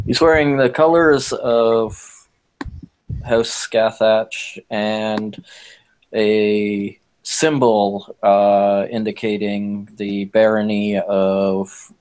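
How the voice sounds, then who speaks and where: A man narrating his character in a tabletop game, halting and full of fillers. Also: lowish voice, darkish tone, poor audio. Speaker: player. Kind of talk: casual tabletop role-play narration.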